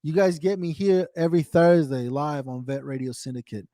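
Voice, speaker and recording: A man's voice: fairly high pitch, flat delivery, normal speed, warm tone, dry recording, studio quality. Earnest, rambling American man host. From United States. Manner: earnest, rambling, repeats himself. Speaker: host of a veterans' radio show. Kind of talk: candid casual talk to a co-host.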